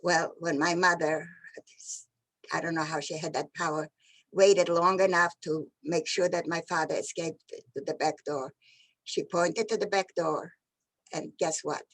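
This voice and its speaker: Older woman telling her own story, bit low-pitched, halting, keeps repeating and restarting words. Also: steady tone, a bit bright, low-quality recording. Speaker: Holocaust survivor. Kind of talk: personal testimony. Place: virtual event.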